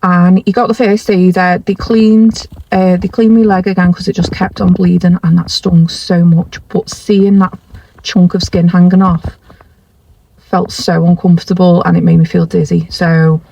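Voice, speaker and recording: A woman's voice: fairly low pitch, level tone, moderate pace, vocal fry, warm tone. Chatty woman telling a story. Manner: rambling, self-correcting, confessional. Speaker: vlogger. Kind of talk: casual storytelling to camera.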